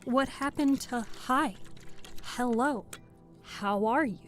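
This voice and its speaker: A woman's voice: a little high, slow pace, soft background music. A young woman chatting and joking casually with her live-stream viewers at the microphone. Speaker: streamer and audiobook reader.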